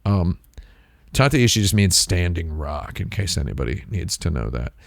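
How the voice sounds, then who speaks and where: A man's voice: deep voice, very animated, moderate pace, creaky, no echo. A man hosting a live stream, chatting casually in a rambling, digressive way with lots of restarts. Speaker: livestream host.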